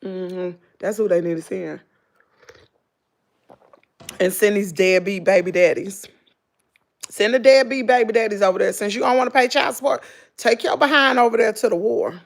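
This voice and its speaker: With long pauses, normal speed, and a creaky mid-range voice, the middle-aged woman livestreams in a Southern American accent. The vlogger chats casually, telling lively stories, mimicking her daughter, and calling the audience "girl" and "y'all."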